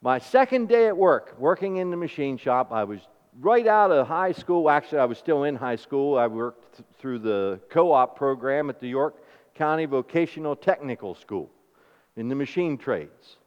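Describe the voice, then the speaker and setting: A man preaching a sermon, asking the congregation questions and telling homely stories in an animated way. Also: mid-range voice, moderate pace, smooth. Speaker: pastor. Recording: dull recording with long hall reverb.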